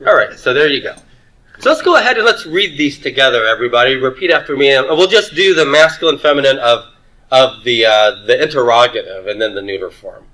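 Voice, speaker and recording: Male teacher, bright forceful voice, upbeat and joking, classroom lecture, leads repeat-after-me drills. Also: mid-range voice, expressive, a little fast, rough recording. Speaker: Greek teacher.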